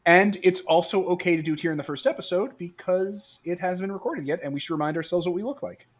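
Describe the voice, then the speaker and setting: Higher-voiced man chatting at a game table. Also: fast. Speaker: player. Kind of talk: casual chat during a tabletop game.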